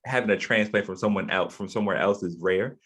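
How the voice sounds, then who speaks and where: Man, young adult, podcast host, slangy, repeats himself, low husky voice. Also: quick pace, fairly bright tone. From Eastern Shore, USA. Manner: laid-back, slangy, repeats words. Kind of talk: casual chat.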